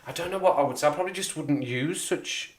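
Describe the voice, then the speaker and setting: A man's voice: on the high side, quick pace. A man with a West Midlands accent, hosting a casual livestream chat, rambling and chatty with frequent laughs. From Wolverhampton area, England. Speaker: livestream host.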